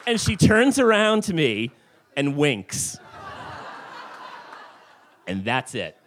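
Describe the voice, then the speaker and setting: Animated man telling a lively story. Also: a little high, takes it slowly, noisy background. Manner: animated, rambling with many fillers. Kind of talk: live storytelling for an audience. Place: tavern stage before a live audience.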